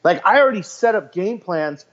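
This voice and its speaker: An animated man with a fairly high voice, chatting as a podcast guest. He rambles and repeats himself as he talks about his clients. The recording sounds a bit dull and lo-fi. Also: normal speed. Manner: animated, rambling, repeats words and quotes others. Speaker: podcast guest and fitness coach. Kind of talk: casual interview chat.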